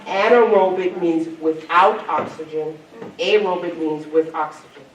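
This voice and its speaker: A woman's voice: lowish voice, unhurried, highs cut off, a little hiss or hum. Woman keynote speaker, playful and coaxing with a youth audience; distant mic, roomy hall. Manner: lively, coaxing, quizzes the crowd. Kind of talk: interactive talk to a youth audience. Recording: echoey hall from far off, crowd.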